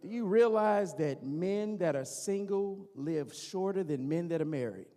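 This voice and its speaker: Measured in pace and sitting high in pitch, this Midwestern man from Gary, Indiana, USA does teasing stand-up and crowd work for a live church-hall audience. He's animated and addresses the audience directly.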